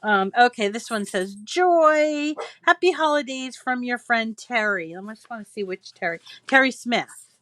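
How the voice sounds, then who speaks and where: Gushing over holiday cards sent by viewers, a woman hosting a crafting channel reads them aloud at home in casual chat. Her voice is a little high, expressive, fairly bright, and a little slow.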